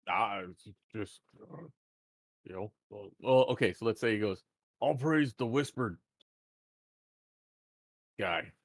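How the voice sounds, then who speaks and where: A man playing a tabletop game, answering in a halting way that trails off. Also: fairly low pitch, lively intonation, no room sound. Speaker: player. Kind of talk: casual tabletop play.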